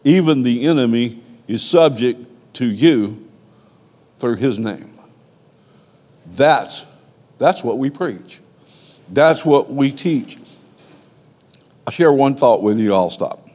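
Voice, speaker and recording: Male preacher, unhurried and emphatic, repeating phrases for weight; church hall with long echo. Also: medium pitch, expressive, darkish tone. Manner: emphatic, repetitive preaching cadence. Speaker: pastor. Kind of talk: sermon. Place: church sanctuary.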